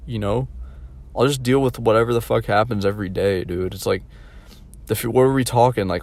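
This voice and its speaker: A man ranting casually, with profanity and many fillers like "like" and "you know", and mocking others in a higher voice. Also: fairly even intonation, fairly quick, gravelly, darkish tone. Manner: mocking high-pitched imitations of others.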